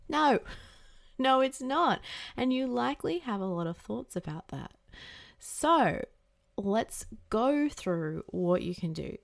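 A young woman hosting a podcast, talking casually and animatedly, swearing freely and acting out the voices in her head. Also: mid-range voice. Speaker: podcast host. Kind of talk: casual advice monologue.

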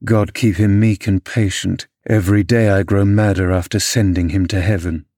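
A man reading an audiobook, voicing a brooding, vengeful young man who talks in a cold, growling, deliberate way. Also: on the low side, steady tone, a little mellow, no room sound, studio quality, lightly acted. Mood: surly.

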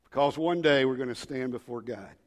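A male pastor preaching in a large church, swinging from hushed whispers to shouted rallying calls. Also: mid-range voice, brisk. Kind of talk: sermon. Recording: long reverb of a large hall.

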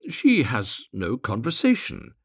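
A prim, chattering little swallow, voiced by a man, sits up high and a touch husky. He frets and complains at once, his pitch hopping about. The reading is close and dry. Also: huge pitch swings, no room sound, exaggerated voice. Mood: fussy. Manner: prim, talkative, quick to complain.

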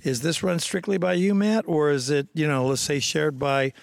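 Co-host, man, gravelly higher voice, jokey animated storyteller, outdoors at a farm. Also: moderate pace, dry recording. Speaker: podcast co-host. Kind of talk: casual on-site interview.

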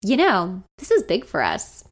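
A woman voicing an easygoing, amused young boyfriend who talks calmly and teases gently. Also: mid-range voice, measured pace. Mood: teasing. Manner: calm, teasing, nonchalant.

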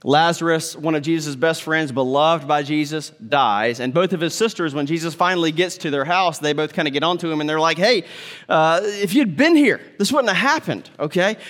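Animated high-voiced male pastor. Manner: animated, acts out quoted voices, drops to soft tender tones. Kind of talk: sermon.

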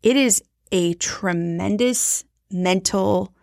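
A woman's voice: mid-range voice, slow, gravelly, a little mellow, no room sound. Forties woman, solo podcast host, casual and rambling, dry booth sound. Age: 40s. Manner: frank, chatty, rambling.

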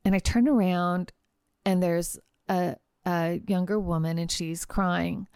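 A woman hosting a podcast, telling a personal travel story in a chatty, animated way with casual fillers. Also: lowish voice, slow, clean tone, dry recording, studio quality. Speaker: podcast host and trial lawyer.

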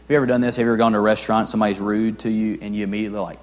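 A young male pastor gives a conversational sermon, firing off rhetorical questions and moving from hushed to raised delivery. His voice carries a long reverb tail from a large church hall. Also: on the low side, flat delivery, very fast. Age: young adult. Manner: conversational preaching with rhetorical questions, swings between soft and loud.

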